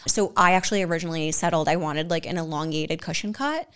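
A woman's voice: low voice, quick pace, a bit bright, smooth. A young woman telling a story in casual chat, full of "like" and acting out what others said. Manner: chatty, lots of "like", acts out quotes in whispers. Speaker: guest.

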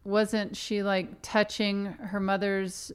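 A woman co-hosts a relaxed podcast chat in a smooth, resonant voice. She sounds playfully defensive as she argues over theories with her friend. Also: medium pitch, slow. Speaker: podcast co-host. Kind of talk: casual chat.

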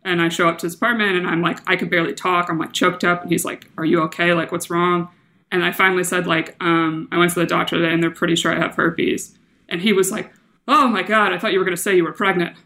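A woman comedian as a podcast guest, candidly retelling a personal story with animated, laughing delivery. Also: on the low side, fast. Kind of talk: casual storytelling.

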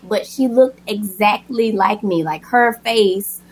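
A woman's voice: medium pitch, slow pace, rough recording. A woman guest telling the story of her daughter's birth in a personal, emotional way. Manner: emotional, animated retelling with acted quotes.

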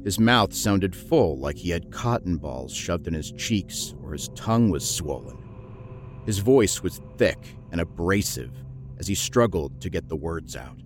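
A man narrating a horror story in a measured, grim storytelling manner. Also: sits low, lively intonation, soft background music.

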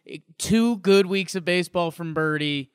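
A man co-hosting a sports podcast, excitable and joking in tone. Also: sits high, normal speed, smooth, dry recording, clean studio sound. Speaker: podcast co-host. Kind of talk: casual sports podcast chat.

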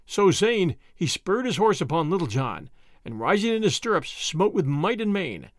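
A man reading an old adventure story aloud in an expressive, lilting way. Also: high-pitched, normal speed, no room sound. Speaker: audiobook reader. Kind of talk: storybook narration. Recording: dry close recording.

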